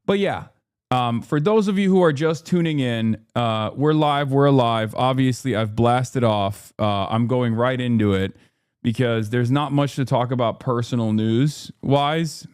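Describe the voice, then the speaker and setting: A man's voice: medium pitch, darkish tone, clear, resonant tone, no room sound, studio quality. A man from the United States streaming live, ranting in a profane, exasperated way with lots of fillers and restarts. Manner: rapid run-on talk with many fillers and restarts.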